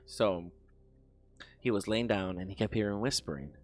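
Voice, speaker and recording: A man's voice: lowish voice, normal speed, a little mellow, no room sound. Rambling, profane young man telling a story. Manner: rambling, profane, with many restarts. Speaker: streamer telling a story while editing. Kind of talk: casual storytelling while working.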